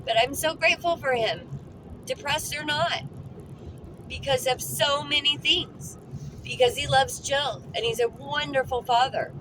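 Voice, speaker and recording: A woman with a somewhat high voice speaks earnestly into her phone as she drives. She talks heartfelt and reflective, leaning on repeated words for emphasis. Road and engine noise run clearly under her voice. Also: measured pace. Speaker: vlogger. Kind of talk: personal reflective vlog. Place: in a car, driving. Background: car and road noise.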